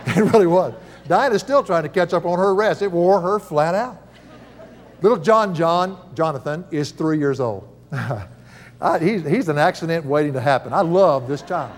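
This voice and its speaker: Older man, folksy preacher, higher voice, long reverb around him. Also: moderate pace. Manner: folksy, chuckling storyteller. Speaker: Bible teacher. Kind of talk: sermon with personal stories.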